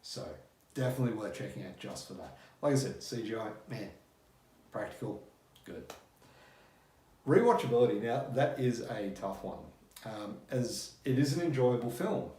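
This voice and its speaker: A man's voice: on the low side, expressive, moderate pace, warm tone. A man reviewing a movie in a chatty, loose way, with fillers and blunt swearing. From Australia. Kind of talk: casual spoken review. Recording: echoey room.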